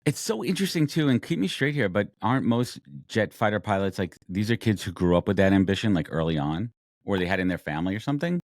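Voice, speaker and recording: Deep-voiced man hosting a podcast. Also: big pitch swings, dry recording, clean studio sound. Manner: rambling questions with restarts, quick to laugh. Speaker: podcast host. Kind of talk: casual interview conversation.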